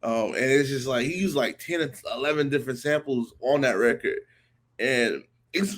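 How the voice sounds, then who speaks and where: Relaxed slangy man in casual chat. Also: mid-range voice, normal speed. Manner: relaxed, slangy, hesitant fillers.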